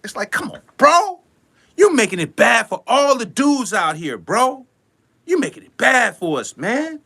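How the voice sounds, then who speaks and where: Animated man giving a preachy rant. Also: very high-pitched, unhurried, creaky, slightly rough. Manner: animated, preachy, acts out little scenes. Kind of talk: motivational rant.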